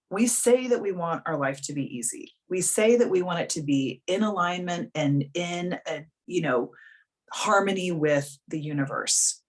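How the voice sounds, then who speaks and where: A woman life coach hosting a live video coaching call, talking frankly and bluntly in a casual, chatty way. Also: on the low side.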